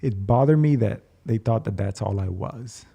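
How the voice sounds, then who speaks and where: A man's voice: lowish voice, moderate pace, vocal fry, mellow, husky. A man chatting casually as a podcast guest, friendly and laughing, often stammering and restarting.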